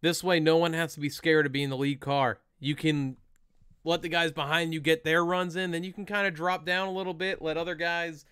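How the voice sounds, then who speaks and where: A young man co-hosting a casual podcast, chatty and upbeat as he runs through plugs and shout-outs. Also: on the high side, fairly even intonation, clear, resonant tone, no echo, studio quality. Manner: chatty, reads plugs in a quick upbeat run. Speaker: podcast co-host.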